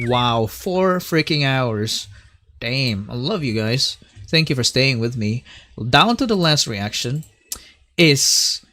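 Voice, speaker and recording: A man's voice: on the high side, a bit bright. A man hosting a late-night reaction livestream, chatting casually and mixing in Tagalog words. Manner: chatty, mixes in Tagalog phrases.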